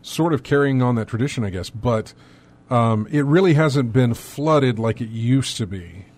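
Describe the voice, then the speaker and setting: A man's voice: medium pitch, lively intonation, moderate pace, a little mellow. A man co-hosting a casual gaming news talk, rambling and thinking aloud with many fillers. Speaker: podcast co-host.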